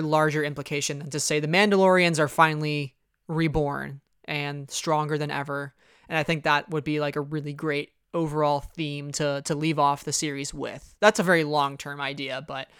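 Smooth-voiced, animated podcast co-host. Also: medium pitch, no room sound, studio quality. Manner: animated, rambling with frequent "you know" and "like". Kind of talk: casual fan recap chat.

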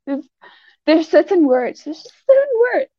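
A woman's voice: very high voice, big pitch swings, moderate pace, dry recording, lo-fi sound. A woman who is a pageant titleholder, a guest in casual chat, giggly and playful on a video call.

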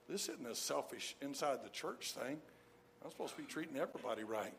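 A man's voice: mid-range voice, expressive, brisk, a bit bright, a little hiss or hum. A middle-aged man preaching a sermon, stressing points by repeating key phrases. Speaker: pastor.

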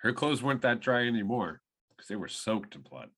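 A man's voice: lowish voice, very animated, fairly quick, a bit bright, a little hiss or hum. A young man co-hosting a casual podcast, laid-back with wry jokes, sounding a bit tipsy. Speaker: podcast co-host. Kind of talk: casual chat.

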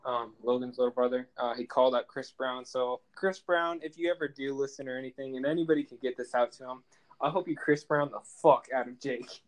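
Young man, podcast co-host, casual rambling chat, mid-pitched voice. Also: fairly quick, rough recording. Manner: rambling, laughs often, swearing.

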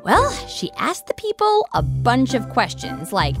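A woman co-hosting a playful kids' science podcast in an excitable, theatrical way. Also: a little high, unhurried, few pauses. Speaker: co-host. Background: music.

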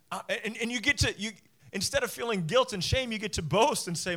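A man with a high, bright voice preaches a sermon to his congregation. He is emphatic, doubles up his words and slips into little acted voices for the people he quotes. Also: lively intonation, fast talker. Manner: emphatic, repeats phrases, acts out quoted voices. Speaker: pastor.

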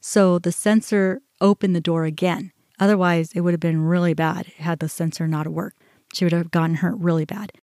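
Animated woman telling a personal story. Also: on the low side, normal speed, no room sound, studio quality. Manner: animated, quotes herself and others, restarts when upset. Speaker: podcast host.

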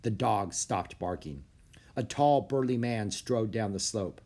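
A man narrating a children's storybook aloud, expressive and animated. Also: fairly low pitch, measured pace.

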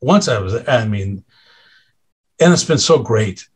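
A middle-aged man sits in as a guest and tells a story from his own life, openly and in plain words. He stops and restarts often, leans on fillers, and slips into quoted voices to act out the people in the story. His pitch sits in the ordinary middle range for a man. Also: expressive, breathy edge. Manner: halting, with frequent restarts and fillers; acts out others' lines in quoted voices. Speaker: podcast guest. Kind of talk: candid conversational storytelling.

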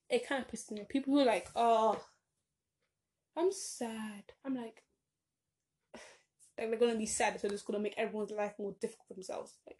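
Speaking to camera in a loose, rambling chat, this vlogger, a young woman maybe in her teens, sprinkles in many "like"s, cuts herself off, and suddenly punches words dramatically. Her pitch is fairly high and her tone darkish.

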